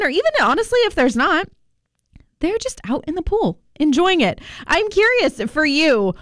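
A woman's voice: high-pitched, no echo, studio quality. A woman from Virginia with a light Southern accent, hosting a radio show in casual, chatty talk. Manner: chatty, animated, talks to listeners. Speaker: radio host.

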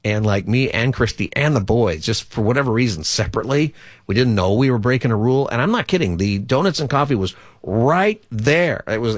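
A man's voice: medium pitch, lively intonation, brisk, no room sound, studio quality. A man hosting a call-in radio talk show as a pastor, speaking in a chatty, rambling, conversational way.

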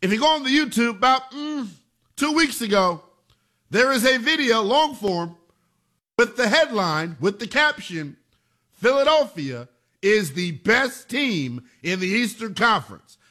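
A man hosting a sports talk radio show, delivering an emphatic, animated monologue. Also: very high voice, a little slow.

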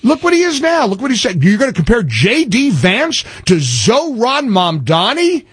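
Talk radio host, male, emphatic, husky higher voice, dry studio sound. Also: normal speed, no echo. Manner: animated, emphatic, frequent restarts. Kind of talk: political talk radio chat.

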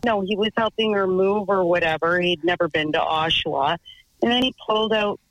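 A woman's voice: on the low side, fairly quick, a bit bright, dry recording, poor audio. A woman from Canada calling into a radio show, telling a rambling story in a chatty, loose way. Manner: chatty, rambling, swears, laughs easily. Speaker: radio caller. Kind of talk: phone-in storytelling.

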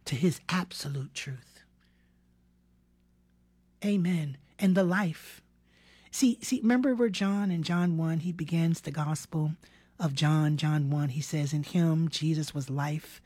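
Woman preacher, low husky voice, earnest sermon delivery with frequent whispered emphasis. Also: no room sound. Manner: earnest, drops to a hushed whisper for key words; repeats words and restarts phrases.

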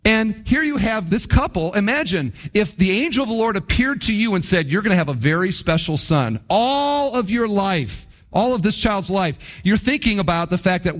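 A man preaching a sermon as a pastor, emphatic and animated, with dramatic pauses and acted-out quotes. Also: sits high.

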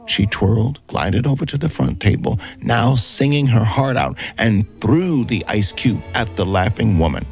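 A man's voice: fairly low pitch, gravelly, a little mellow. A man narrating a story in a vivid, dramatic way.

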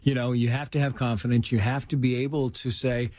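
A middle-aged man telling personal stories in casual conversation, animated, acting out the voices of people in them. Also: medium pitch, fairly quick. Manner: animated storyteller, acts out quoted voices. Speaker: guest telling life stories.

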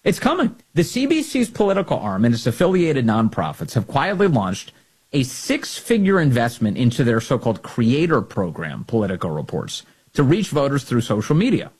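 A man's voice: medium pitch, wildly swooping pitch, normal speed, a little mellow, slightly rough. A man delivering an opinion commentary monologue, emphatic, sarcastic and combative. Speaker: political commentator.

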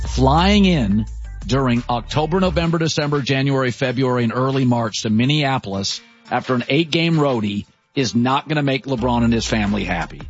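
A man's voice: medium pitch, a little fast, lo-fi sound, soft background music. A man hosting a sports talk show, making emphatic, punchy declarations.

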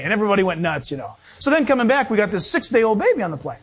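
A man preaching a sermon, telling stories with animated delivery and acting out other people's voices. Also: sits high, racing, few pauses, breathy edge. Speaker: pastor.

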